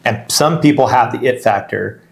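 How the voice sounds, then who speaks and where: Middle-aged male podcast co-host, rambling casual storyteller, mid-pitched. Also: moderate pace, gravelly. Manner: rambling, self-interrupting, laughs while telling stories. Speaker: podcast co-host, real estate agent.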